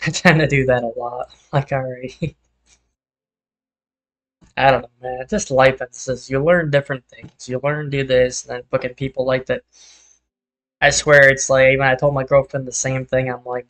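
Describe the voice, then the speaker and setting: A man's voice: medium pitch, little pitch movement, moderate pace, pauses often, fairly bright tone, rough recording. A young man streaming a game, chatting casually and rambling as he vents, swearing freely. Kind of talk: casual chat while gaming.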